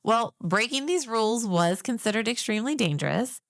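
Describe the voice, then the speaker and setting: A woman's voice: on the high side, lively intonation, fairly quick, no room sound, clean studio sound. A woman co-hosting a podcast in a casual chat, telling facts and laughing often. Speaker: podcast co-host.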